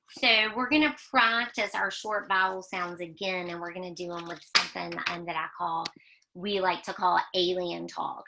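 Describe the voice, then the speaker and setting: A woman's voice: mid-range voice, gravelly, bright, forceful tone, a little hiss or hum. A woman teaching a children's phonics lesson, patient and sing-song, stretching out words and repeating key phrases. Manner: patient, sing-song, drawn-out teacher talk with emphatic repetition.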